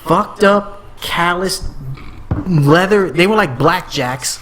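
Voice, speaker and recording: A young man co-hosting a podcast, telling stories in loose casual chat, swearing freely and jumping up into high voices for imitations. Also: slow pace, a bit bright, a little hiss or hum. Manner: loose storytelling, swears a lot, jumps into high-pitched imitations. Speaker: podcast co-host.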